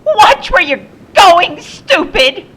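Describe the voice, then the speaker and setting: A woman voicing a rude, shrill and screechy mother in a storybook reading, snapping insults. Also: sing-song, takes it slowly, pushed and bright, full character voice.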